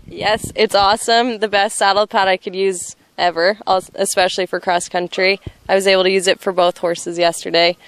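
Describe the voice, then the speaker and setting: A woman's voice: mid-range voice, flat delivery, moderate pace, hardly any pauses, a bit bright, clear, resonant tone, no echo. A woman from Canada, an event rider, answering interview questions outdoors in a plain, slightly hesitant way.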